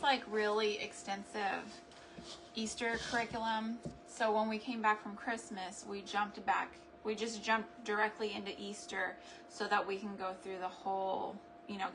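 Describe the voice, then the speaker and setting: A woman's voice: medium pitch, background noise. A woman chatting casually while she crafts at home, thinking aloud and laughing at her own mishaps. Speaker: craft and homestead vlogger. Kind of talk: casual crafting chat to camera.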